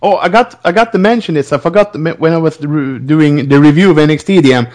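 A man co-hosting a podcast in casual chat, jokey and quick to laugh. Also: a little high, a little mellow. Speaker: podcast co-host.

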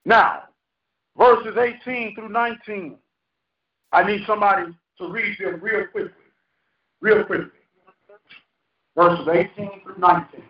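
A man's voice: sits high, steady tone, measured pace, long pauses. A man preaching a sermon as pastor, folksy and joking, asking his congregation questions. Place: church hall. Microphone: handheld microphone. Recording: roomy, distant, dull sound.

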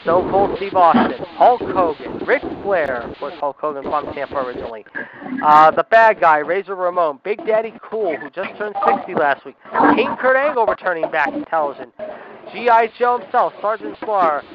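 Guy hosting a radio show, announcer style, keeps saying however and ladies and gentlemen, dull lo-fi sound with heavy noise. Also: high voice, expressive, fairly quick. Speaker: wrestling radio show host. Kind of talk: internet radio talk show. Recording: dull lo-fi audio with loud noise.

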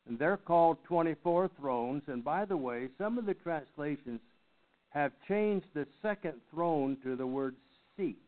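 An older man teaching a Bible study lesson, speaking haltingly and often clearing his throat. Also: on the high side. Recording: tinny phone-like sound.

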